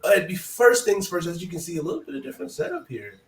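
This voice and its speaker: Hoarse, hyped-up man hosting a stream. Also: high voice, very animated, quick pace, reverberant, recorded from a distance, poor audio. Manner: loose, hype, chatty. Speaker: host. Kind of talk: casual sports talk stream.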